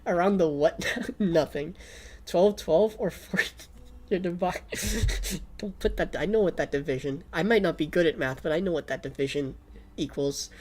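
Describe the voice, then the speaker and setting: In a fairly low voice at normal speed, a young woman chats on a casual livestream. She rambles with a Valley Girl lilt, leans on "like" nonstop, and her throat sounds a bit sore.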